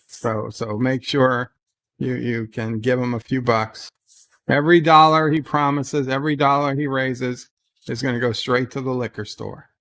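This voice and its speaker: A man's voice: mid-range voice, steady tone, normal speed, fairly bright tone. A man hosting a casual livestream who reads out viewer messages and rambles with sardonic asides and frequent restarts. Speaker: livestream host.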